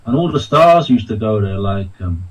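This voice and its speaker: A man's voice: on the low side, animated, moderate pace, husky, far from the mic, rough recording. Brief: male podcast guest, storyteller, set back from the mic. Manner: anecdotal, acts out quoted people with laughs. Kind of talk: casual chat.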